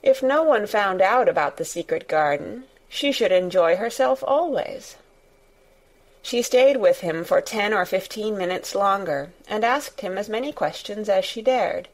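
A woman reading a storybook aloud as narrator, in a measured, even storytelling manner. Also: medium pitch, low-quality recording. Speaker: audiobook narrator.

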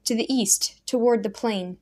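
A woman's voice: a little high, moderate pace, darkish tone, lightly acted. A woman voicing a crippled old man in a storybook who whines and sighs as he complains. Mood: whining. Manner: whiny, sighing.

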